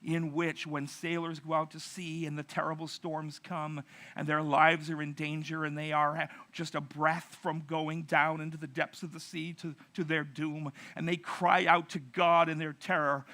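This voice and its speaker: A middle-aged pastor telling a narrative sermon, acting out quotes with dramatic pauses. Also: male voice, fairly high pitch, bright, forceful tone.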